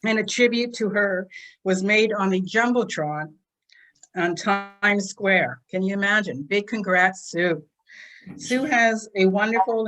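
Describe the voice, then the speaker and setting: A woman co-hosting an online business presentation, introducing a guest warmly and getting emotional, over a video call. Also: medium pitch, low-quality recording. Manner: warm and emotional, chokes up.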